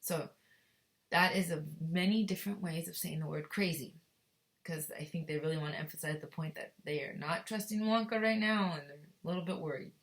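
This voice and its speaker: A woman teacher reading a chapter book aloud to her second graders, expressive and stopping to ask the class questions. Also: low-pitched, brisk. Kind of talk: reading a novel aloud to children.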